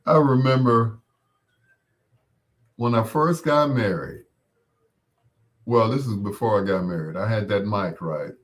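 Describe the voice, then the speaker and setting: A man hosting a casual chat, animated and laughing often, calling people affectionate pet names. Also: lowish voice. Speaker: host.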